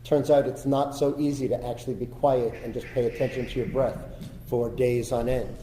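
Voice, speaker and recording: Dark-voiced man preaching in a reverberant sanctuary. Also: medium pitch, fairly even intonation, a little hiss or hum. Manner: reflective storytelling, slow deliberate emphasis. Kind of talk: sermon. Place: synagogue sanctuary. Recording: roomy sanctuary with long reverb.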